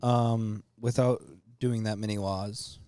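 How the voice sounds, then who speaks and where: A young man co-hosting a podcast, tossing in quiet, laid-back jokes. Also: lowish voice, steady tone, slow, no room sound, studio quality. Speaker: podcast co-host. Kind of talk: casual banter.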